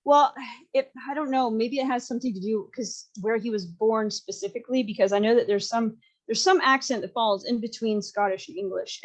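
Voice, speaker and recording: This podcast host from the Southern United States has a medium-pitched, slightly mellow voice and a Southern accent. She keeps things casual and opinionated, with frequent laughter, though the recording sounds muffled.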